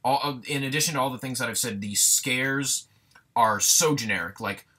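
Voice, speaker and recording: A young man reviews a film in a loose, ranting way. He sounds fed up and sarcastic and swears freely. His voice is bright and forceful at an ordinary male pitch. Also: normal speed, slightly rough. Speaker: movie reviewer.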